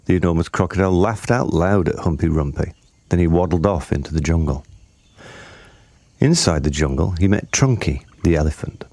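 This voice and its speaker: A man narrating a children's story in a measured, expressive reading. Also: deep voice, no echo.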